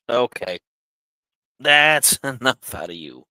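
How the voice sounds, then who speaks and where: A man's voice: mid-range voice, bright, forceful tone, no room sound. A man hosting a casual live question stream from home, chatting and talking to his cat. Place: home, on a couch.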